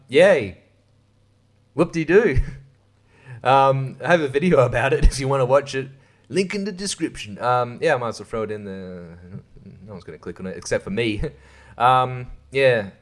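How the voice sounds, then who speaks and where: A man's voice: mid-range voice, normal speed. A man hosting a podcast, riffing in a crude, irreverent comic monologue and laughing at his own jokes. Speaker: podcast host. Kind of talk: casual comedic monologue.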